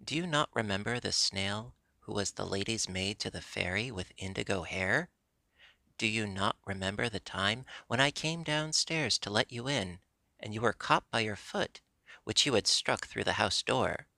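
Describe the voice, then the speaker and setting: A man voicing a female snail, a fairy's maid, slow and questioning, in a storybook reading. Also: on the low side, lively intonation, gravelly, sharp tone, no room sound, heavily acted. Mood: reproachful.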